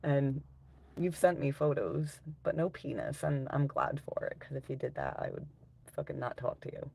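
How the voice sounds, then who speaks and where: Gravelly-voiced woman chatting on a live stream. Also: rumbling low, moderate pace, a little mellow. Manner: chatty, laughs often, swears casually. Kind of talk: casual live-stream chat with viewers.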